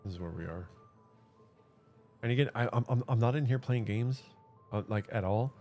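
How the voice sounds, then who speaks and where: A man's voice: medium pitch, normal speed, a little mellow, faint music behind. A man streaming, telling a personal story in an earnest, rambling way with many restarts and repeated words. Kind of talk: casual livestream chat.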